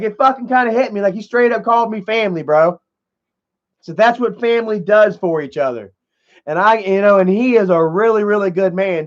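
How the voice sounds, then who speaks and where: A man's voice: high-pitched, lo-fi sound. A man live streaming in a loose, rambling way, swearing often and filling with "man" and "you know".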